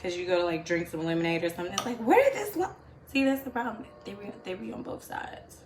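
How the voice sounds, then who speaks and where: A woman's voice: fairly low pitch, animated, fast talker. A woman hosting a home cooking show, telling chatty stories with laughs and asides to her viewers. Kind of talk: casual storytelling while cooking. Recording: echoey room with faint background noise.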